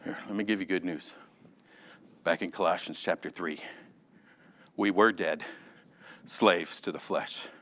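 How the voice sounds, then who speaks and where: A man teaching a Sunday school Bible lesson in a lively, conversational way, calling on class members by name and joking along the way. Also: low voice, a little slow, pauses often. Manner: animated, addresses class members by name, jokes.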